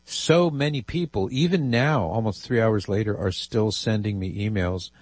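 A man hosts a radio talk show with a lowish, slightly husky voice. He chats wryly and reads out listener emails. The studio sound is dry and close. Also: moderate pace, dry recording. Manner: chatty, wry, reads listener emails aloud.

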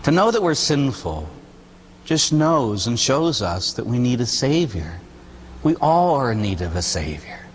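A man, a Catholic priest, giving an animated, conversational sermon full of rhetorical questions. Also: mid-range voice, a little slow, long reverb tail, slight background noise.

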